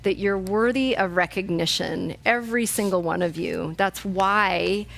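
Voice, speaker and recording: A woman's voice: mid-range voice, measured pace, vocal fry, a bit bright. Heartfelt woman hosting a charity awards show. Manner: heartfelt, emotional. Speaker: charity event host.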